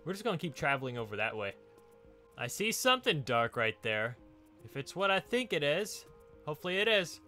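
A man's voice: on the high side, big pitch swings, brisk, pushed and bright, soft background music. A man hosting a let's play, chatting casually and laughing often while he explores and digs. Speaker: gaming channel host.

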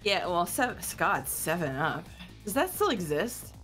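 A woman's voice: on the low side, sing-song, measured pace, fairly bright tone, soft background music. A woman guest with an upset stomach, chatting casually in a wry, slightly dramatic way. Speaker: guest voice reader. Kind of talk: casual chat.

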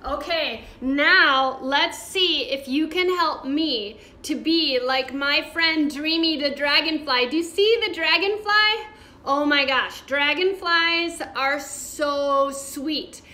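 A woman's voice: high voice, slow, sharp tone. Sing-song woman leading kids' yoga, echoey. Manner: cheerful, sing-song, encouraging children. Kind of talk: guided kids' yoga class. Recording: roomy echo from far off.

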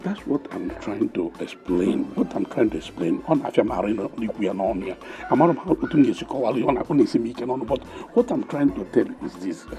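A man's voice: fairly low pitch, lively intonation, quick pace, hardly any pauses, dark tone, faint music behind. An actor playing a bossy Igbo father with a Nigerian Igbo accent, rambling and scolding as he switches between Igbo and English. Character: bossy blustering Igbo father, middle-aged man.

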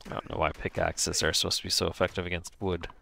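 A man's voice: low voice, level tone, quick pace, vocal fry, sharp tone, a little hiss or hum. A young man chatting casually while playing a co-op game, thinking aloud as he explores. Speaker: gamer playing co-op. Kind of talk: casual co-op gameplay chat.

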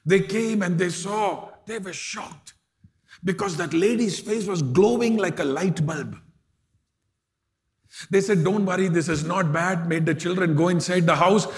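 A man's voice: sits high, a little slow. A man with an Indian English accent, a pastor telling a story in a sermon, emotional and acting out the voices of the people in it. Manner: emotional, acts out quoted voices, rises to loud exhortation. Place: large church hall.

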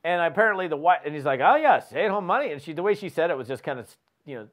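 Animated man coaching with restarts. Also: on the high side, rapid-fire. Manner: animated storyteller with many restarts. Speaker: host. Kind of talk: energetic coaching talk.

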